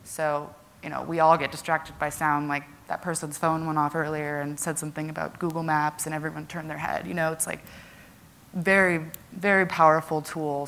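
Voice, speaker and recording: Young woman, conference presenter, low pitch, chatty filler-heavy delivery, casual, slight background noise. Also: creaky, a bit bright. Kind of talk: casual presentation to a live audience.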